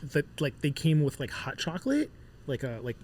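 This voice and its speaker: A man who is a musician guest on a casual podcast, telling animated stories and acting out bits of dialogue, with lots of filler words. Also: fairly high pitch, normal speed, slight background noise. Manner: animated storyteller, acts out dialogue, many fillers.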